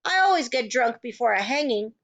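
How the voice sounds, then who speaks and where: A woman reading aloud, voicing a drunk, leering small-town sheriff who talks in a slow drawl. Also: fairly high pitch, lively intonation, a bit bright, muffled recording.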